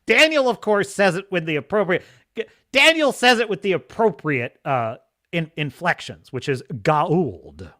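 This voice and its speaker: Man, livestream host, casual chat, bright voice, higher pitch, laughs often. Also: big pitch swings, normal speed. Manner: enthusiastic, rambling, laughs often. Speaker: podcast host.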